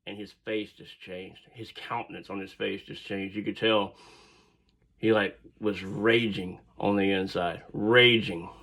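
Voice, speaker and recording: A man's voice: on the low side, steady tone, measured pace, a bit bright. A man casually telling a personal story, rambling and digressive with frequent fillers.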